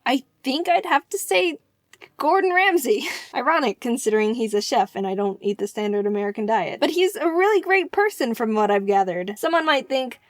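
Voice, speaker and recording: A young woman telling funny stories and commenting casually, chatty and self-deprecating with bursts of excitement. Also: a little high, normal speed, dry recording, clean studio sound. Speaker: animation storyteller.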